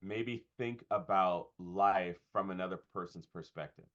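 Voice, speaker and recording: A pastor and comedian speaking in a conversational interview, thoughtful and often pausing with fillers and restarts. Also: male voice, low-pitched, fairly bright tone. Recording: dull lo-fi sound.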